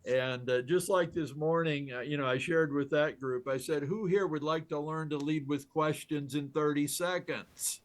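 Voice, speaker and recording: A man's voice: fairly high pitch, fairly even intonation, moderate pace, few pauses. An older man, a guest on an interview, telling stories with enthusiasm, acting out quoted dialogue and laughing often. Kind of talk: animated storytelling in conversation.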